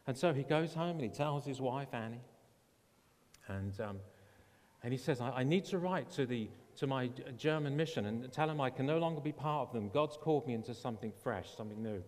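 A man's voice: medium pitch, expressive, moderate pace, a little mellow. A man preaching as a pastor, earnestly retelling a story and quoting the people in it. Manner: earnest, retells stories with quoted voices. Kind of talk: sermon storytelling. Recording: long hall reverb.

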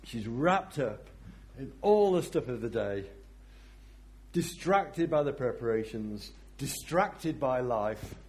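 A male preacher delivers a reflective sermon at an unhurried pace. His pitch sits in a middle range. He often lets phrases sink to a soft, hushed emphasis. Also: lively intonation.

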